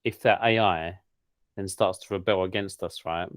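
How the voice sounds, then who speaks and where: A man's voice: sits low, steady tone, normal speed, fairly bright tone, no room sound, clean studio sound. A man co-hosting a podcast, rambling and joking in casual chat, often laughing. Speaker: podcast co-host.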